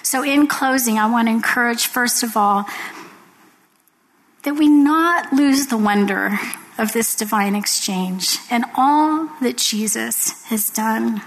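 An earnest woman speaker giving a devotional talk to women, taking her time over each phrase. Her voice sits a little high, and she tells stories with care and warmth of purpose. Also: slow, low-quality recording. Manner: earnest storyteller.

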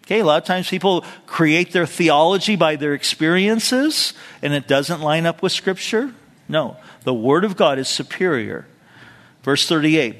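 Here a pastor's voice sits high and sounds animated and fairly bright, moving at normal speed. He works through scripture verse by verse in an expository sermon, chatting with asides and quizzing the congregation, all under a long hall reverb.

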